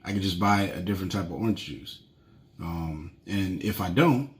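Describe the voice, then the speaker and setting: A man's voice: low voice, normal speed. A man in his thirties hosting a solo podcast with advice for husbands, talking in a rambling, conversational way with many fillers. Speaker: podcast host, marriage coach for husbands.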